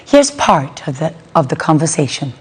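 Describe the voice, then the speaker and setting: A woman hosting a news show, presenting from a script in a smooth delivery. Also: sits low, sing-song, normal speed.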